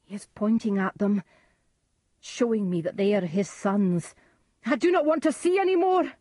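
A woman's voice: on the low side, measured pace, breathy edge, no echo, studio quality. A woman voicing a tormented, haunted king who cries out frantically, in a storybook reading. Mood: agitated. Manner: frantic, crying out.

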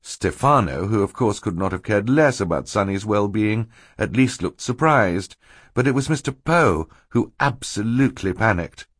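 Low-voiced male narrator, dry and ironic, with lively intonation, recorded close and dry. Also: moderate pace, slightly rough, no echo. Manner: wry, dryly ironic storytelling. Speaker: audiobook narrator. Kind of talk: scripted narration.

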